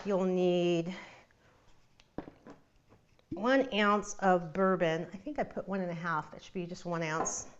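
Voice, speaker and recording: A woman's voice: on the low side, steady tone, takes it slowly, long pauses, highs cut off, a little hiss or hum. Giggly woman hosting a cooking show. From Northern California. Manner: chatty and giggly, laughs often. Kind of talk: casual live cooking demo.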